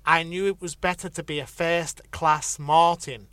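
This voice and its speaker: A man with a Liverpool accent hosts a radio show from a studio. His voice is bright and sits a little high. He talks in a reflective, easygoing way with plenty of fillers. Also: fairly even intonation, unhurried, clear, resonant tone, no room sound. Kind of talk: casual interview chat.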